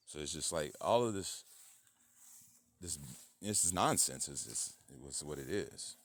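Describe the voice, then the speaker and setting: A man's voice: expressive, unhurried, long pauses, no echo. A man hosting his own channel, talking in a rambling monologue full of fillers and sudden outbursts. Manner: rambling, many fillers, bursts into loud high-pitched mock voices. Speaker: channel host.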